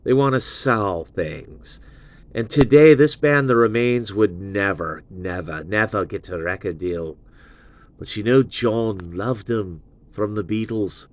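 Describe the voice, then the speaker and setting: A man's voice: on the low side, takes it slowly. A man hosting a show and giving a casual, rambling album review full of loose asides. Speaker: host.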